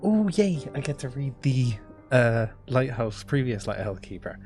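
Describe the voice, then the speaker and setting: A man giving casual commentary on a horror game, excitable and swearing freely. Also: medium pitch, measured pace, soft background music. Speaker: gaming youtuber.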